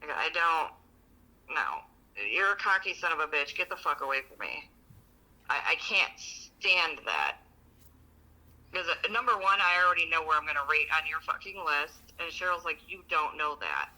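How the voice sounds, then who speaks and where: A woman co-hosting a relationship podcast, telling stories in a blunt, profane, animated way. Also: low voice, normal speed, poor audio. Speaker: podcast co-host. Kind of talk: casual chat.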